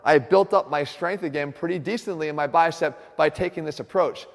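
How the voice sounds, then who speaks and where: Earnest fitness host with long reverb. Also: male voice, fairly high pitch, brisk. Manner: earnest, direct, addresses viewers. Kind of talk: instructional fitness talk.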